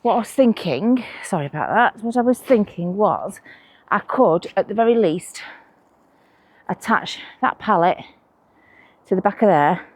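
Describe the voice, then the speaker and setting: Working on her outdoor allotment, a woman chats to camera in a relaxed vlog, slipping in playful, conspiratorial remarks. Her medium-pitched, slightly mellow voice has lively intonation and an unhurried pace with long pauses, and there's no room sound.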